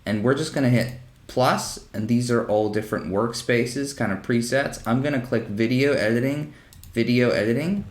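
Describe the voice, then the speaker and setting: A chatty man walks through a software tutorial from his desk mic in a mid-range voice, easygoing and quick to poke fun at himself. His home room adds a noticeable roomy echo around him. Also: medium pitch. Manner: chatty, self-deprecating, laughs easily. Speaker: animation tutorial host. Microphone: desk microphone.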